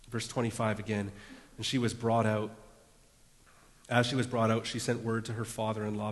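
A man delivers a sermon from the pulpit, earnest and deliberate, his voice falling to a near hush on key phrases. His pitch sits in an ordinary middle range. A long reverb trails every line, as if he stands in a big hall. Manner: earnest preaching, dropping to a hush for emphasis. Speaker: pastor.

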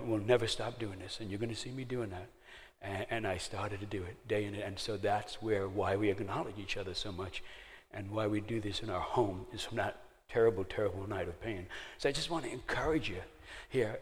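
A middle-aged man telling a personal testimony in a sermon, laughing at himself and then going hushed and prayerful. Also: lowish voice. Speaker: speaker sharing a testimony. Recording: long hall reverb.

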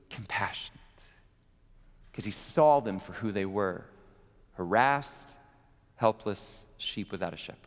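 A man preaching a sermon as pastor, emphatic and full of rhetorical questions, swinging between loud and soft. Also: medium pitch. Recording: echoey hall reverb.

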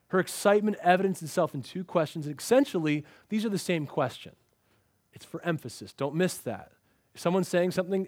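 A man delivers a lively sermon, dramatizing the story as he goes. His voice sits fairly high for a man. The recording is dry and close, with little room sound. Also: no echo. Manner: animated storytelling, acts out quoted lines. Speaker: pastor. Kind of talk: expository sermon.

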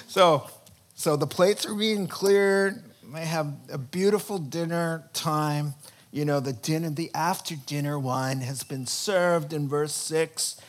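A man preaching a sermon, retelling a story with lively acted-out character voices and chuckles. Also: on the high side.

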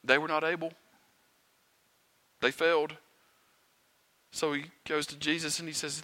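Male pastor, bright and forceful tone, conversational sermon with rhetorical questions. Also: on the high side, fairly even intonation, moderate pace, pauses often. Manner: conversational preaching, rhetorical questions, dramatic quiet and loud swings. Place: church sanctuary.

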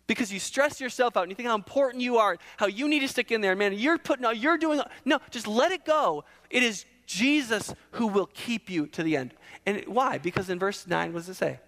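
High-voiced guy preaching, punchy questions and answers, long hall echo. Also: animated, fairly quick, hardly any pauses, fairly bright tone. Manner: emphatic, asks and answers his own questions. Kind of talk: sermon.

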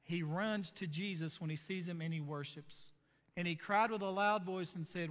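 A man with a high, bright voice preaches a sermon, emphatic and repetitive as he presses each point home. His voice carries a long reverb, as if in a large hall. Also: fairly even intonation, moderate pace. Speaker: pastor.

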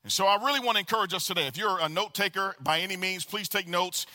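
A man preaching a sermon as pastor, animated and calling out to the congregation for responses. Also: sits high, quick pace. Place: church sanctuary. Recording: long reverb of a large hall.

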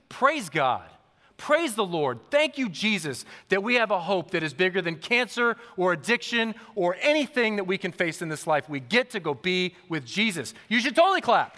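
A man in his thirties preaching a sermon as pastor, telling stories to a congregation in a lively, animated way. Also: high voice, normal speed. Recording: long reverb of a large hall.

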